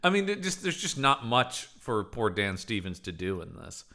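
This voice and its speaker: A man co-hosting a casual movie review podcast, jokey and animated, often breaking into silly voices for quotes. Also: lowish voice, moderate pace, gravelly. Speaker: podcast co-host.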